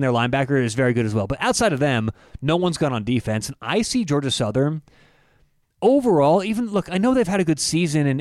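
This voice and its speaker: Animated man talking bets, dry mic. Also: mid-range voice, no echo. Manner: animated, emphatic, restarts, swears casually. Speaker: podcast co-host, sports bettor. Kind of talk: casual sports betting chat.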